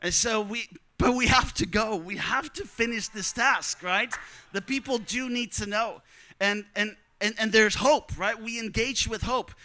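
A man's voice: high-pitched, unhurried, bright, forceful tone. A man preaching a sermon to students, telling stories earnestly and repeating key lines for emphasis. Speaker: missionary preacher.

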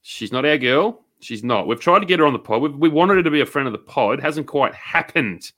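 A man co-hosting a podcast, emphatic and lively in his banter, swearing casually. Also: mid-range voice, brisk. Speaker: podcast co-host. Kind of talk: casual banter about boxing.

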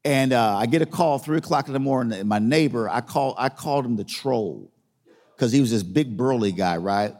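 A man's voice: mid-range voice, normal speed, a little mellow, big-room sound. A man preaching a sermon as a pastor, telling a story in a conversational way and repeating phrases for emphasis.

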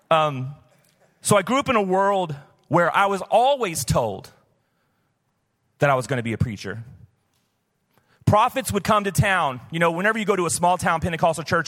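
A man's voice: a little high, a bit bright. A man in his fifties, a pastor from the southern United States, preaching live in a church in a conversational, storytelling way. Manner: conversational, personal storytelling with many "like" fillers. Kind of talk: sermon. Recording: live church hall reverb.

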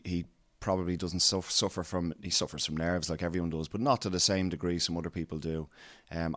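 A man, a coach answering interview questions, slightly hoarse from cheering, emphatic and full of "you know". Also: low-pitched, a bit bright, dry recording, studio quality. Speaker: MMA coach.

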